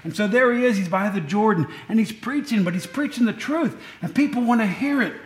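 A man's voice: high-pitched, expressive, a little fast, echoey room. A man preaching a conversational sermon, folksy and digressive, often correcting himself mid-sentence, in a church.

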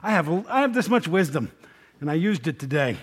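A man's voice: on the high side, sing-song, fairly quick. A male pastor giving a conversational sermon, joking and asking the congregation questions. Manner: chatty, jokes and asks the congregation questions.

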